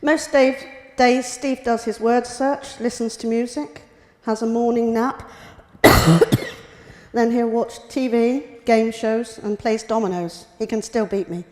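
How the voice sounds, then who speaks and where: A middle-aged British woman gives a prepared personal talk about being a carer, delivered plainly and matter-of-factly. Her voice is a little high and darkish, and she speaks slowly. The hospital lecture room gives the recording a reverberant, hall-like sound.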